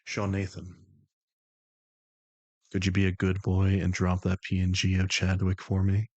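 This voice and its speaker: A male streamer putting on a slow, low, coaxing persona voice that showers the listener with doting praise during a live stream. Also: monotone, a little mellow, no echo, lo-fi sound. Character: sultry deep-voiced male seducer persona.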